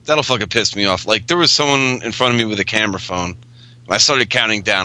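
Blunt, profane male co-host, mid-pitched, with a strikingly bright edge. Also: fast. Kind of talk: casual chat.

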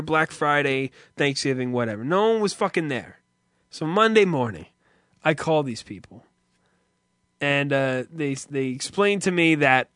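A man telling an exasperated, profanity-laced comic story in an animated way. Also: a little high, no echo, studio quality. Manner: animated, exasperated, swears a lot.

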